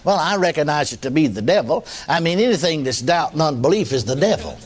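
A man's voice: on the high side, sing-song, fast. A man preaching a sermon testimony in a folksy storytelling way, often chuckling.

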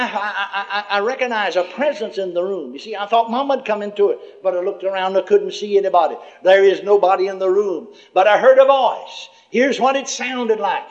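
An older man telling a testimony in a sermon, in a folksy storytelling way full of chuckling asides, on a muffled lo-fi recording. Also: high-pitched. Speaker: preacher. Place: church gathering before a congregation.

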